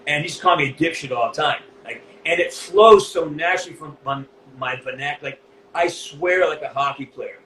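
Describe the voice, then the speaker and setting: A middle-aged man from New England with a Northeastern US accent, speaking as an interview guest, blunt and animated, with a lot of swearing. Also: a little high, a little fast, echoey room, a little hiss or hum, low-quality recording. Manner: blunt, profane, animated storytelling. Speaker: voice actor guest. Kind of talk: candid interview.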